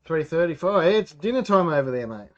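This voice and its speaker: Against some background noise, an Australian brewer speaks fairly quickly in a sing-song, fairly high voice. Hosting a home brewing livestream, he chats casually, rambles, reads out chat and talks to himself as he works, all on a slightly dull lo-fi recording.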